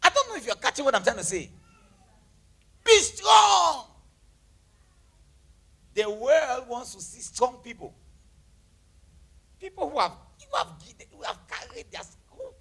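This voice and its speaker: A man preaching a sermon to his church, with a lively, emphatic delivery that jumps from shouts to near whispers and mixes in Pidgin phrases. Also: extremely high pitch, moderate pace, breathy edge. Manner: animated preaching, shouting then dropping to a hush, Pidgin phrases, laughing. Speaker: pastor. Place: church hall with congregation.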